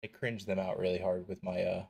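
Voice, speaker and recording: A man's voice: low-pitched, level tone, fairly quick, vocal fry, darkish tone, breathy edge. Give me a young guy live-streaming a game, loose and jokey. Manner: joking, rambling, swears casually. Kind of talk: casual live-stream chat.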